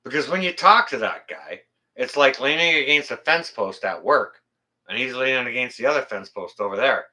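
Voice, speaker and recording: Man, channel host, blunt and profane. Very bright, cutting tone at a middling pitch. Loose, rambling livestream chat. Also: expressive, normal speed. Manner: blunt, plain-spoken, swears freely; rambling, self-correcting delivery. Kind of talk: casual livestream chat reading viewer comments.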